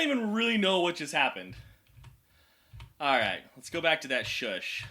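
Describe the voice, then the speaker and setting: A man talking casually as a vocal coach reacting to a song, chatty and excitable with lots of fillers. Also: a little high, normal speed, long pauses. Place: indoor room at home.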